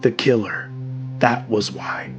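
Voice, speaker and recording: A man voicing an old grandfather who speaks low and gruff, with a heavy Slavic accent. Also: fairly even intonation, slow, soft background music, natural voice.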